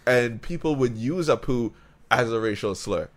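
A man's voice: mid-range voice, moderate pace. A man from the Bahamas, co-hosting a casual chat, blunt and profane in argument.

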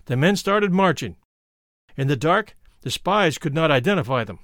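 A man giving a dramatic, expressive reading of a first-person memoir. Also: on the high side, moderate pace, no room sound, studio quality. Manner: expressive, shifts to stirring emphasis. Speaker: reader.

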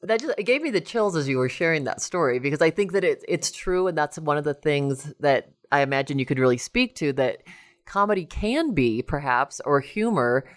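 A woman's voice: low voice, lively intonation, a little fast. A woman podcast host speaking earnestly and reflectively with her guest. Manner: reflective, earnest, many fillers. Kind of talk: casual podcast interview.

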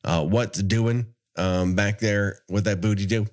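A man's voice: lowish voice, a little slow. A man co-hosting a podcast, casually recapping a horror film with frequent laughs. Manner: animated, laughs often, plot-summarizing. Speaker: podcast co-host. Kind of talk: casual movie recap chat.

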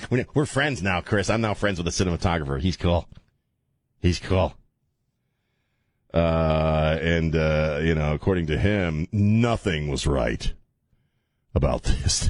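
A man's voice: rumbling low, dry recording, studio quality. A man hosting a talk radio show, rambling and joking with frequent laughs and filler stumbles. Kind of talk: casual talk radio monologue.

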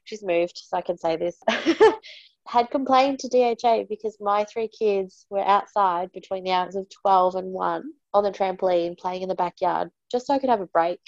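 Animated mum telling a story. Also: female voice, moderate pace, no echo. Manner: animated, exasperated, mimics others in raised pitch. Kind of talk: casual storytelling. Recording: slightly dull, dry recording.

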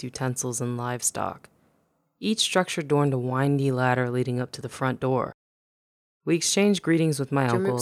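A man narrates a first-person memoir at a middle pitch. His reading is measured and even, with no notable strain or hurry. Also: clean tone, no room sound, clean studio sound.

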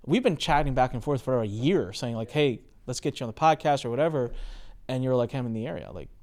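Male podcast host, mid-range voice, lively storyteller who acts out the dialogue. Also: fast. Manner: animated, acts out quoted exchanges with big pitch jumps. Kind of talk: casual conversational storytelling.

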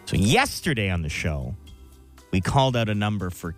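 A man co-hosting morning radio, low-pitched and very lively in his delivery. He rambles through stories in casual banter and chuckles at his own jokes, with faint music underneath. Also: moderate pace. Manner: rambling joke-teller, laughs at own jokes. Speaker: radio co-host.

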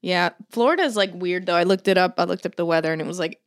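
Her fairly low voice is fast, clear, and resonant. As a podcast co-host, this young woman keeps the chat casual and profane, telling family stories and performing the relatives in them.

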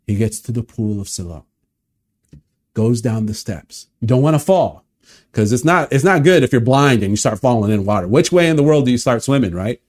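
Male pastor, sermon storyteller, lively pitch, middle voice. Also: fairly quick. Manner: animated, vivid retelling, inviting listeners to imagine.

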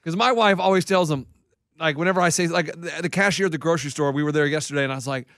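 A man co-hosting a radio show in casual banter, telling a story with quick jokes. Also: a little high, fairly bright tone, dry recording, clean studio sound. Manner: joking, quick one-liners. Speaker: radio co-host.

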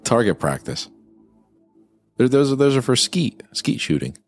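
A man's voice: medium pitch, sing-song, measured pace, faint music behind. A man cracking jokes in a casual watchalong chat about a film.

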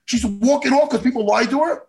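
A man co-hosting a casual chat show, ranting excitably and swearing a lot. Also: extremely high pitch, a little fast, creaky. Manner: animated profane ranting, excitable. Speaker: podcast co-host.

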